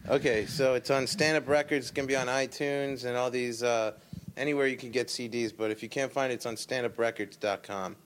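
A man's voice: medium pitch, steady tone, a little fast. A man, a comedian and producer, chatting on a podcast and rambling through a story. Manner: rambling storyteller, frequent restarts. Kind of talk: casual podcast chat.

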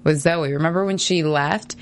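Chatty woman with a lowish voice. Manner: quick, chatty, laughs often. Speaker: podcast co-host. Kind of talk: casual chat recapping a TV episode.

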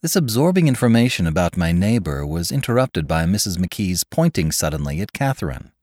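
A man narrating a classic novel as an expressive audiobook reading. His voice sits low but moves a great deal in pitch. The recording is dry and close, with no room sound. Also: a little fast, no room sound.

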